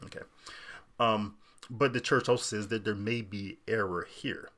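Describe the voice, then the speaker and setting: A middle-aged man hosting an unscripted commentary show, talking in an animated way, laughing and mocking as he goes. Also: lowish voice, moderate pace. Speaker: podcast host.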